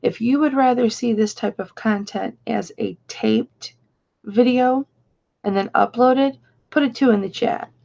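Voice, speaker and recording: A woman hosts a casual live stream, answering her viewers with affection. She talks slowly with a gravelly rasp. The sound is dull and lo-fi. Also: a little high, darkish tone. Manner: chatty, affectionate, reads out viewer comments. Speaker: live-stream host and reseller.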